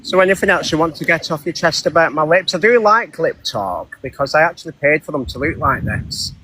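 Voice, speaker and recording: A man with a lisp, trading calm, needling banter on a live stream and calling people hon. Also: on the high side, a little fast, slight background noise, low-quality recording.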